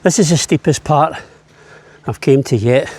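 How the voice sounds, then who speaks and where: A man's voice: a little high, measured pace, darkish tone, slight background noise. A man, a travel vlogger, chatting as he walks an island path outdoors, slightly out of breath on the climb. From Scotland. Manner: chatty, easygoing, jokey. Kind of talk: walking travel vlog.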